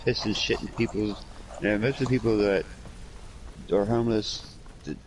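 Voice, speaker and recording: A man's voice: on the low side, fairly even intonation, normal speed, background noise. A man in casual chat, blunt and profane, who acts out the arguments he tells about. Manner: blunt and profane, acts out quoted confrontations loudly. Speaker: friend chatting.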